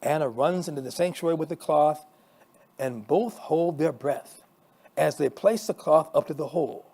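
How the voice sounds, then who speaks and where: A male pastor reading a story aloud, expressive, with small restarts. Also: fairly high pitch, moderate pace, breathy edge.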